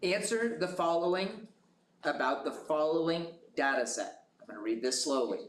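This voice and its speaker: A man moderating a school quiz bowl, reading questions slowly and carefully. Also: on the high side, expressive. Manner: slow, measured question reading. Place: school classroom. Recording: echoey room with noise.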